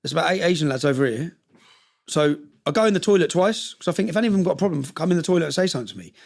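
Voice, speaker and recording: Gravelly fast-talking man. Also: fairly high pitch, expressive. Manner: passionate, rambling with restarts. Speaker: interview guest. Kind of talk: emotional personal storytelling.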